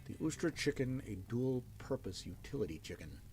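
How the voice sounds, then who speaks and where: A man hosts a casual livestream, chatting with viewers and thinking aloud. His voice is gravelly and his pitch moves a lot. Faint music plays behind him. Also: big pitch swings, moderate pace, darkish tone. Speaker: livestream host reading requests aloud.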